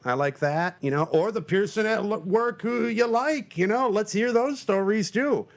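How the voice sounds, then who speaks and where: A man in his forties hosting his own podcast alone, talking loosely with lots of fillers and breaking into shrill panicky shouts for comic effect. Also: moderate pace. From Northern Michigan, US. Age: 40s. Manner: loose and self-mocking, lots of fillers and restarts. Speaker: podcast host. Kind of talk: rambling solo podcast monologue.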